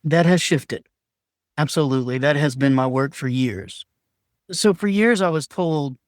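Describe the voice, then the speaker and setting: A man's voice: a little high, moderate pace, no room sound, studio quality. A man talking candidly as a podcast guest, earnest and emphatic, sometimes acting out his own past words in a raised voice. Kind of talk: candid conversational sharing.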